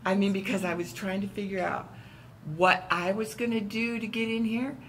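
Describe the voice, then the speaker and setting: A woman at a church round table, telling a story in a casual, animated way and acting out the voices in it. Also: mid-range voice, normal speed, a little hiss or hum, low-quality recording. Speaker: church member.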